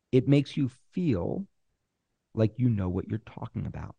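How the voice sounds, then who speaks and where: A man teaching screenwriters how to pitch, acting out both sides of a pitch meeting and pausing on purpose. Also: very animated, vocal fry, mellow, breathy edge, no echo, lo-fi sound. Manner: uses deliberate pauses. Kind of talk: instructional talk.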